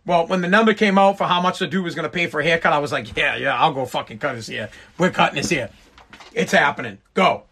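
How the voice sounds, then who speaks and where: A man's voice: fairly high pitch, fast, bright, forceful tone, slight background noise. A middle-aged man hosting a podcast, rambling and swearing through a tipsy, exasperated monologue. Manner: profane, tipsy storytelling, rising to exasperated rants. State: tipsy from drinking. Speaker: podcast host.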